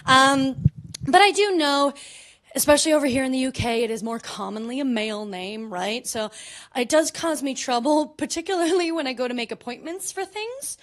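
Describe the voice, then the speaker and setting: A woman's voice: high-pitched, animated, moderate pace. A young Canadian woman performing a chatty, self-mocking stand-up set on a comedy club stage, often tagging her lines with "right?". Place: comedy club stage before a live audience.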